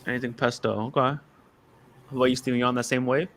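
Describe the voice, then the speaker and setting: A young man hosts a podcast in loose casual chat. He is animated and throws "bro" and "yo" into his talk. His voice sits at a middle pitch for a man. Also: quick pace, slight background noise. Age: young adult. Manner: animated, says "bro" and "yo" a lot. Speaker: podcast host.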